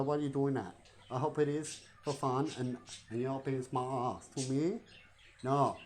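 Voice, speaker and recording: A man's voice: medium pitch, darkish tone, slight background noise. A man, rambling through a casual vlog monologue full of rhetorical questions. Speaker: vlogger.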